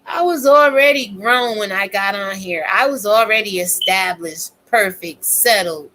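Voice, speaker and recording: A woman's voice: medium pitch, a little slow, hardly any pauses, sharp tone, slight background noise, poor audio. A woman content creator ranting in a casual vlog, preaching with scripture and lots of cursing. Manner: profane, preachy and fiery; quotes scripture. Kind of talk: casual commentary vlog rant.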